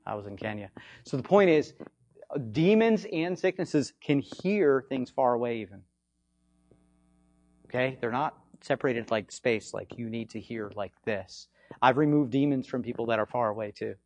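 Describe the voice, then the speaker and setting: A man with a slightly hoarse voice, giving an informal teaching on faith healing, swinging between loud bursts and low asides and often checking in with "okay?". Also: normal speed, no room sound. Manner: repetitive, conversational, frequent "okay?" check-ins. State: hoarse from frequent yelling.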